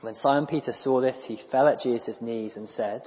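A man preaching a sermon in a conversational, animated way, with quick asides and small restarts. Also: mid-range voice. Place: church. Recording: dull lo-fi recording in a reverberant church hall.

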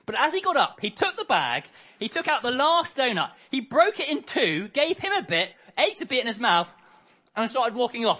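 Lively, bright-voiced preacher. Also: male voice, extremely high pitch, moderate pace, breathy edge. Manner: lively storytelling, acts out characters' lines. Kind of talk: harvest sermon with storytelling.

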